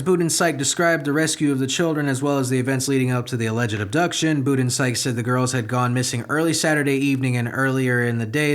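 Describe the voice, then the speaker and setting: A man's voice: mid-range voice, a bit bright. A young man hosting a comedy podcast, reading news stories aloud and breaking off into profane, sarcastic, exasperated commentary. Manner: sarcastic, exasperated, swings between muttering and outbursts.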